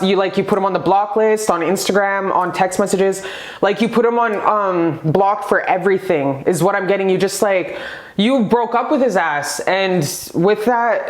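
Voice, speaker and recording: A woman doing a casual pick-a-card tarot reading, excitable and gushing, rambling into asides and swearing freely. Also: on the low side, roomy sound.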